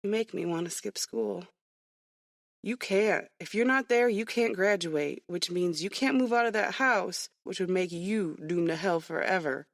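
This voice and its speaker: A woman's voice: fairly low pitch, fairly even intonation, fairly quick, hardly any pauses, no room sound, lightly acted. A woman voicing a clever, teasing young man in an audiobook, in a dry, wry manner. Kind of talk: audiobook character voice.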